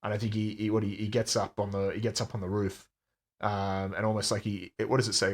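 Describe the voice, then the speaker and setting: A man's voice: on the low side, little pitch movement, a little fast. A man co-hosting a book podcast, speaking in a thoughtful, hesitant way and often repeating words. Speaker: podcast co-host. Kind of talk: casual book discussion.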